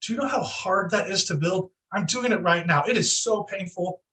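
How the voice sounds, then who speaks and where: A man being interviewed, telling stories fast and animated, acting out quotes in exaggerated voices. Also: sits high, far from the mic, low-quality recording. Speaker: real estate team leader, guest. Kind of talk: energetic storytelling interview.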